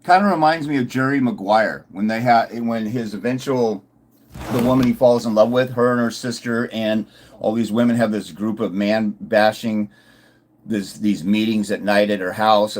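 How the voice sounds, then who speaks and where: A man with a slightly husky voice delivers a ranting commentary, combative and mocking. He circles back to the same jabs again and again, at a middling pitch. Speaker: fathers' rights consultant.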